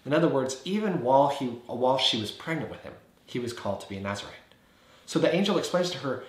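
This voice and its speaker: Earnest male Bible teacher, mid-pitched, rhetorical questions, echoey room. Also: animated, quick pace. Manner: earnest, builds points with repeated phrases and rhetorical questions. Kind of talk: explanatory teaching video. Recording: roomy echo.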